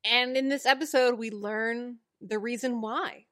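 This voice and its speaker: Slow, bright-voiced woman co-host. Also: fairly high pitch, fairly even intonation, no room sound, studio quality. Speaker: podcast co-host. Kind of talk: casual recap chat.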